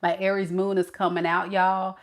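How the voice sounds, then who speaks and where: A woman giving a tarot reading to her viewers, blunt and animated, talking straight to them as y'all. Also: lowish voice, normal speed. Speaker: tarot reader.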